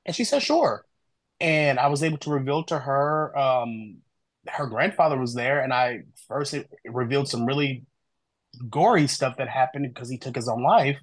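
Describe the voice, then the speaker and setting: A man talks as a podcast guest, recounting his path with animated storytelling. He slips into the voices of friends as he quotes them. His voice sits in an ordinary middle range, and the recording is close and dry. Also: mid-range voice, normal speed, no echo, rough recording. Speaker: guest, human design reader and author.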